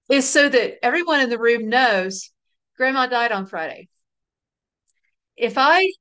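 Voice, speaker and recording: A middle-aged woman, an author being interviewed, telling stories in a relaxed, laughing way. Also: on the high side. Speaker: author and guest. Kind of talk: casual interview chat.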